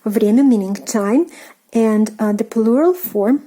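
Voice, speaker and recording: Russian-accented woman teaching, mellow tone. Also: a little high, animated, unhurried. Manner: unscripted explaining, many fillers, repeats words for practice. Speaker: language teacher. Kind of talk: online language lesson.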